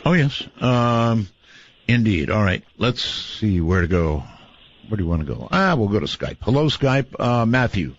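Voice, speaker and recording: A low-voiced man hosts a late-night call-in radio show in an easygoing, amused manner. The sound is muffled and dull, like an old radio broadcast. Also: big pitch swings, unhurried. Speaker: radio talk show host.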